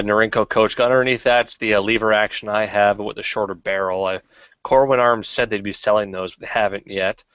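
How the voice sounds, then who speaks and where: A low-voiced man hosting a podcast, rambling in loose profane chat full of fillers. His sound is dry and close. The audio is dull and lo-fi. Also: a bit bright, clean tone, no room sound. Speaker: podcast host. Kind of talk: casual chat.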